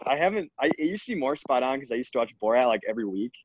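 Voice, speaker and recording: A teenage student chatting casually with friends on a call, rambling with many restarts. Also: male voice, mid-range voice, big pitch swings, very fast, highs cut off, background noise.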